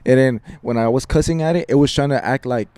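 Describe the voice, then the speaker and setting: A man's voice: medium pitch, fast talker, mellow, smooth, no room sound. A young man casually telling a spooky story on a podcast, slangy and profane, tossing in "fool" every few words. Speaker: podcast co-host.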